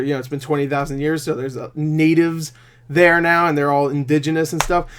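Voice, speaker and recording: Brief: male vlogger-critic, fairly high voice, rambling angry rant, frequent swearing. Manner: rambling, swears a lot, climbs high and loud when angry. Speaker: movie reviewer. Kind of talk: ranting solo video review.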